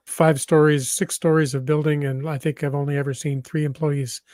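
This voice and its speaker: A man with a slightly high voice co-hosts a podcast. He tells stories in a relaxed, joking way. The sound is dry and close. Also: normal speed, no room sound. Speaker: podcast co-host. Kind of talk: casual chat.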